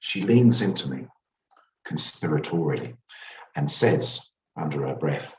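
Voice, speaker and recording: A man's voice: a bass voice, lively intonation, unhurried. A man reading aloud from his own memoir in a wry, theatrical storytelling manner. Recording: roomy, distant mic.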